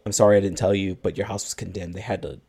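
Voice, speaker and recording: Male podcast co-host with a lowish voice, retelling a movie in easy chat. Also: steady tone, fast, mellow, breathy edge. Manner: retells a film plot at length, acting out lines of dialogue. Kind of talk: casual movie recap chat.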